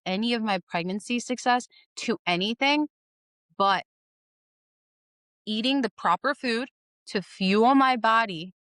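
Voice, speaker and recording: An earnest young woman talks as a podcast guest, leaning on repeated phrases to drive her points home. Her voice sits at an ordinary middle pitch. The recording is dry and close, with almost no room sound. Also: a bit bright, clear, resonant tone, no echo. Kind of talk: casual interview storytelling.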